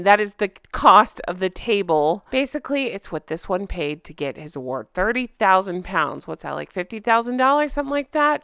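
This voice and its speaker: A young adult woman hosts a casual chat, talking in a chatty, sarcastic way and laughing often. Her voice is smooth and clear, set in a dry, close recording with no room sound. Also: medium pitch, fairly bright tone, no room sound. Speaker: host.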